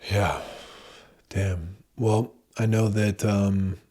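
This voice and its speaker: A man's voice: on the low side, steady tone, very slow, dark tone. A man co-hosting a podcast in a casual chat, laid-back, giving short reactions and questions. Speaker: podcast co-host.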